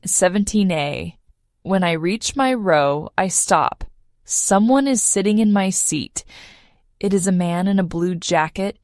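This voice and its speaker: A woman narrating a simple first-person story for English learners, clear and measured. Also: fairly low pitch, no room sound, studio quality. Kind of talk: slow read-aloud story for learners.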